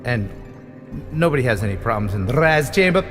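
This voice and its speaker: A man's voice: medium pitch, sing-song, a little fast, a bit bright, faint music behind. A man hosting a casual live-stream chat, joking and playful as he talks. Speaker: host of a live show.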